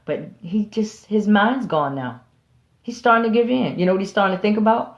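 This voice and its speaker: A woman's voice: medium pitch, moderate pace. A woman hosting and preaching, emphatic and rhetorical, speaking straight to her listeners. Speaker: host and preacher. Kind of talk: preaching to an audience. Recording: roomy, slightly dull recording.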